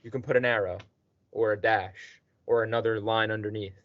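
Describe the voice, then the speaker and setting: A man's voice: on the low side, fairly even intonation, normal speed, slight background noise. A man teaching a student one-on-one, patient and encouraging, checking in with the student often. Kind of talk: one-on-one tutoring session. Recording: dull dry lo-fi recording.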